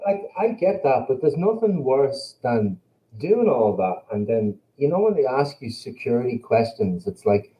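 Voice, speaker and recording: An Irish band member with an Irish accent joins a casual interview as a guest, speaking bluntly, profanely and confidently. His medium-pitched voice is sing-song and dark in tone at a moderate pace, and the lo-fi recording sounds slightly dull.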